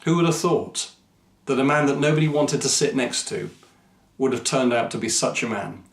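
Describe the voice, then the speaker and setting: A man, a Christian mission speaker, telling a personal story to camera in an earnest, measured, reflective way. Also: medium pitch, steady tone, creaky. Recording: echoey room.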